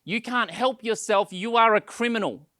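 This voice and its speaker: A stern, strict police officer, put on by a man preaching, speaking loud and sharp and pitched well above the preacher's plain voice. The sound is dry and close. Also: moderate pace, no echo. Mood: accusing.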